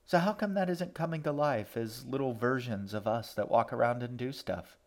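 A man's voice: mid-range voice, normal speed, pitched above the performer's own voice, lightly acted. A man doing a bossy, blunt young girl. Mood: demanding. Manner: impatient, demanding. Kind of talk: audiobook narration.

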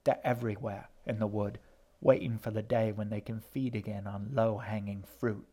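Sneering bully boy with false cheer, read by a male narrator, menacing and slow at times. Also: lowish voice, steady tone, warm tone, lightly acted. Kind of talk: audiobook character voice.

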